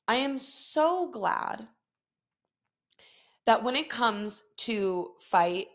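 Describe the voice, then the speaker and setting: A woman's voice: on the high side, lively intonation, extremely slow, pauses often. A woman hosting her own podcast, telling a story in a profane, dramatic, casual way full of fillers. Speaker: podcast host. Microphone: podcast microphone.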